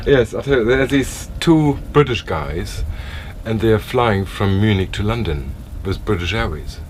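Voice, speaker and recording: Man, very low voice, halting and repetitive, casual chat outdoors with steady noise behind. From Germany. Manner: halting, repeats words while telling a story. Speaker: boat owner. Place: on a small sailing boat outdoors.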